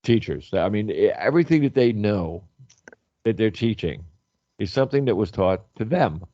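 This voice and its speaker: A man with a lowish voice who tells stories loudly and with lots of swing in his pitch, acting out the lines of other people as he goes. The sound is dry and a little dull, like a radio studio feed. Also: normal speed, dry recording. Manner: loud, animated storyteller who acts out quotes. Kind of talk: casual radio chat.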